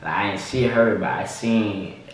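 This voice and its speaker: A man's voice: lowish voice, normal speed. A young man, a vlogger, telling a story casually with lots of fillers and restarts. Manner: relaxed, repeats himself, lots of fillers. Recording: echoey room, mic at a distance, faint noise.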